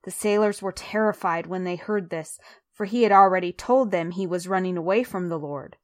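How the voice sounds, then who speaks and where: A woman giving a scripted Bible reading for a lesson, reading at a measured, clear pace. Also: mid-range voice. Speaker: scripture reader.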